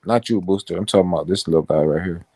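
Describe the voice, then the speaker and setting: Low mellow man in casual chat. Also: quick pace, husky, dry recording. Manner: loose, profane, says "like" a lot.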